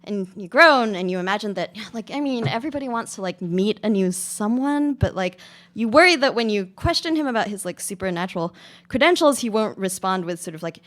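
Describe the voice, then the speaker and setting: A woman's voice: mid-range voice, animated, brisk. A woman reading her experimental prose aloud to a live audience in a casual, filler-heavy way, with lots of "like" and "um". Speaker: author giving a public reading.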